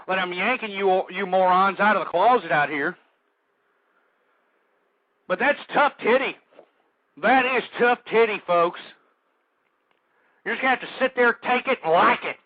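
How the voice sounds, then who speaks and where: A fairly high-voiced man delivers an indignant talk radio rant, firing off rhetorical questions and hurling insults at his targets. The sound is close and dry, with the muffled, lo-fi quality of an old internet radio stream. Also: normal speed, long pauses, no room sound. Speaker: call-in radio talk show host. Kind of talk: angry ranting talk radio monologue. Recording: dull lo-fi internet radio audio.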